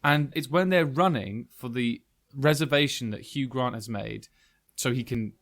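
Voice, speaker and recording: A man co-hosting a casual film podcast, talking in an animated, blunt way and swearing freely. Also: mid-range voice, normal speed. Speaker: podcast co-host.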